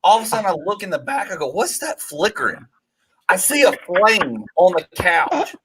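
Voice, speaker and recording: A man in his forties from Georgia telling a long animated story, swearing freely, on a casual podcast. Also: a little fast, breathy edge. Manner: animated, swearing, rising pitch as story builds. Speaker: podcast co-host.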